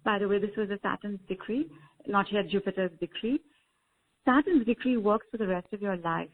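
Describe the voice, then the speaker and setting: A woman spiritual teacher, a guest on a call-in show, explaining in a measured, affectionate way. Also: mid-range voice. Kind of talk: call-in coaching talk. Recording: phone-line call audio.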